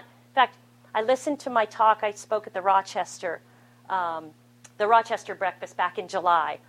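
A middle-aged woman speaking to a live Catholic gathering, telling her testimony in an animated, conversational and self-deprecating way. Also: fairly high pitch, low-quality recording. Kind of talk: spoken testimony to a live audience. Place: room with an audience.

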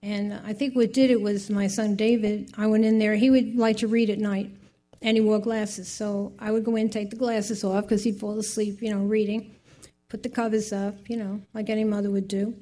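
A woman's voice: mid-range voice, level tone, moderate pace, warm tone. An older woman giving a heartfelt personal faith testimony, rambling through her story with many asides.

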